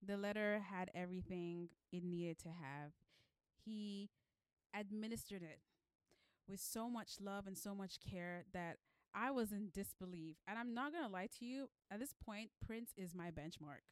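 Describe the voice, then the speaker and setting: A woman's voice: medium pitch, normal speed, smooth, dry recording. Emphatic woman talking books. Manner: earnest, emphatic, affirming. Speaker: podcast co-host. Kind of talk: casual book chat.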